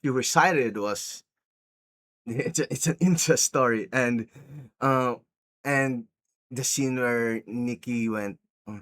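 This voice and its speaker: A man's voice: measured pace, a bit bright, dry recording. A man casually recapping a film for his channel, rambling with many restarts, laughing often and acting out quoted lines. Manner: rambling, laughing, acts out quotes in high voices. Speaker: YouTuber reviewing a film.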